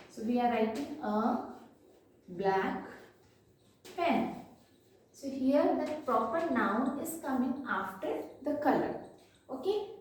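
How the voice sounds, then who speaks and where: A woman teaching a recorded lesson to children, slowly repeating each word twice. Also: high voice, a little hiss or hum. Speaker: French teacher. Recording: very echoey room, far from mic.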